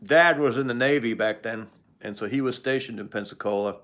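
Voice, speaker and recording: An older man hosts a live stream, rambling and joking as he answers viewers. His voice sits at a middle pitch, and his talk is loose and conversational. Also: a little fast, noisy background. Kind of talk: casual live stream chat.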